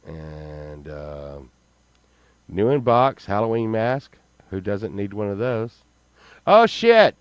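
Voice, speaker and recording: An older man doing casual reaction commentary, loudly exclaiming and swearing, then dropping to mutters. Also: lowish voice, very animated, slow, clean tone, dry recording. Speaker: host.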